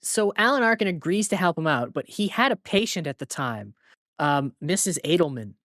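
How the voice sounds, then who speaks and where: A man's voice: fairly high pitch, big pitch swings, moderate pace, fairly bright tone, no echo, studio quality. Man retelling movie scenes on a podcast. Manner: retells scenes, often laughing, many fillers. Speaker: podcast co-host. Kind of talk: casual movie chat.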